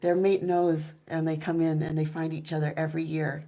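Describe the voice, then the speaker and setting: An enthusiastic woman chats casually to her viewers, warm in interest and quick to trail into fillers. She breaks off at times to mimic soft owl hoots. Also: sits low, flat delivery, muffled recording. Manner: chatty and enthusiastic, many fillers. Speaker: owl keeper and vlogger.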